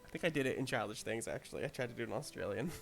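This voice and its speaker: A man hosting a casual livestream, muttering quietly to himself as he concentrates on painting a miniature. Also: medium pitch, animated, racing, vocal fry, over music. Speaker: host.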